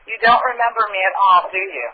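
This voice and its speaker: Man, high voice, bouncy, tinny phone line, faint hiss. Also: quick pace. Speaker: prank caller. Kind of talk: phone prank chat. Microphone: telephone.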